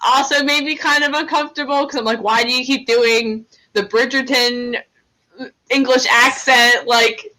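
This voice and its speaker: A woman's voice: high voice, moderate pace, poor audio. A young woman co-hosting a podcast, gossiping in casual chat with frequent giggles. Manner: gossipy, giggly, animated reactions. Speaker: podcast co-host.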